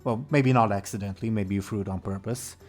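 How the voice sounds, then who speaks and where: A man's voice: fairly low pitch, fairly even intonation, fast talker, soft background music. A man narrating a tabletop game as game master, casual and laughing often.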